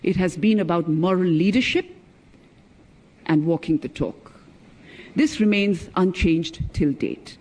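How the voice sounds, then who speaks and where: A middle-aged man, a former ambassador giving a formal keynote speech in an emphatic, measured way that leans on key words. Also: high-pitched, a little mellow. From India. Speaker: former ambassador, conference speaker.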